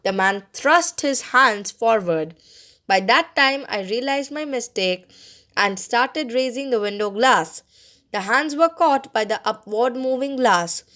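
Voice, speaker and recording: Woman, audiobook narration, expressive storytelling, fairly high pitch. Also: a little slow. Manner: expressive, acts out dialogue. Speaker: audiobook reader.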